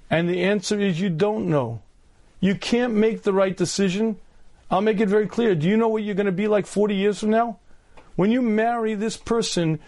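A middle-aged man, a rabbi, giving an earnest lecture on faith and dating, often clearing his throat. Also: high voice, darkish tone.

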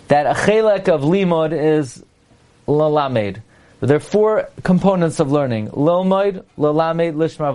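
A man's voice: a little high, a little mellow. A man teaching a halacha lesson in full of Hebrew terms, reading passages and translating them as he goes. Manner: quick, explanatory, translating phrases as he reads. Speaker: Torah teacher.

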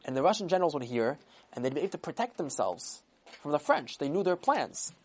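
A woman's voice: deep voice, sing-song, a little fast, husky. A woman telling a story to children, dramatic and full of acted voices. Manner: dramatic, with sound effects and voices. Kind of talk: animated storytelling.

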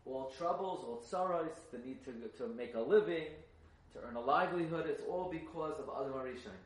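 A man gives a sermon as a rabbi, asking emphatic rhetorical questions and rising into fervent chanting of texts. His voice is fairly high and brisk, recorded echoey and from a distance.

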